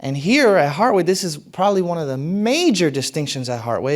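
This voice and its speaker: A pastor preaching a sermon, emphatic, repeating phrases and rising sharply on key points. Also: male voice, fairly high pitch, big pitch swings, a little fast, hardly any pauses.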